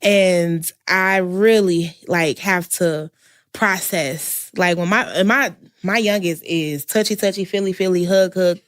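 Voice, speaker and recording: A woman's voice: on the low side, slow, a bit bright, no room sound, clean studio sound. A woman in a candid panel conversation who speaks openly and personally and laughs easily, recorded indoors at a community center. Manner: open and personal, laughs readily.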